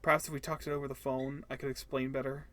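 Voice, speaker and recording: A man's voice: mid-range voice, flat delivery, fast talker, a bit bright, natural voice. A man voicing a polite, anxious neighbour who speaks formally and apologetically. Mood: polite, urgent.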